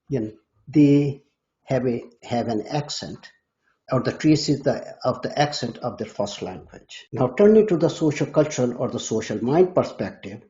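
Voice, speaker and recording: A man with a dark, mellow voice lays out an academic topic step by step, in a measured lecturing manner. He restarts a word now and then. The sound is dull and lo-fi. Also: medium pitch. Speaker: guest expert. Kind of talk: academic explanation. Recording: dull lo-fi audio.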